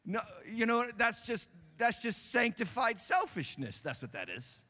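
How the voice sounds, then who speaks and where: A man preaching a sermon as pastor, moving between quiet, hushed asides and loud, emphatic preaching. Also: very high-pitched, very animated, unhurried. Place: church sanctuary. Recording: church hall with long reverb.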